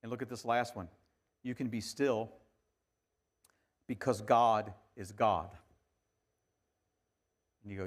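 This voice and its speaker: A man delivering a sermon as a pastor, talking conversationally and swinging from hushed, quiet lines to emphatic ones. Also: fairly low pitch, fairly even intonation, slow, pauses often.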